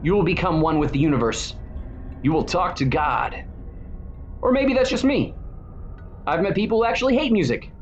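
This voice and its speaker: Man in his forties, high voice, wry and irreverent, muffled recording with faint hum. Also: lively intonation, normal speed, pauses often. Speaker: church founder and video host. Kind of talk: scripted monologue.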